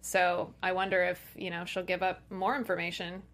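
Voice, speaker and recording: A woman's voice: lowish voice, little pitch movement, normal speed, a bit bright. A woman co-hosting a podcast, talking casually about a TV episode with lots of fillers. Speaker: podcast co-host. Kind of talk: casual recap chat.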